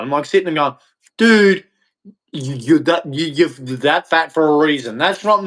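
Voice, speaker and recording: A man's voice: on the high side, fairly bright tone. Blunt, mocking man ranting. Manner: blunt, mocking, acts out others in voices. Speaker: host. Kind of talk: opinionated rant.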